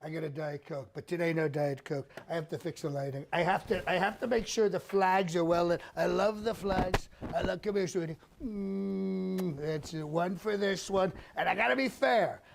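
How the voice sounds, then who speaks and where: A man's voice: high voice, moderate pace, creaky, hardly any pauses, a little hiss or hum, pitched above the performer's own voice. A man doing a comedic impression of a vain, boastful older male politician who repeats himself and fusses over his staging.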